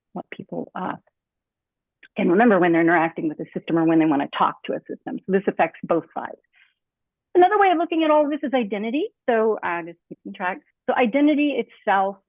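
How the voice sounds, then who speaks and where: A woman speaking as a designer joins an online talk on speech design as a panelist, using her computer mic on a video call. She explains things conversationally with many fillers and acts out spoken examples. Her mid-range voice has vocal fry, and the dry line sounds tinny.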